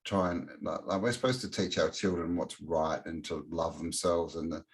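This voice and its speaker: A man's voice: sits low, fairly even intonation, normal speed. A man as a podcast guest, chatting bluntly with casual swearing and frequent laughs. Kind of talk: casual chat.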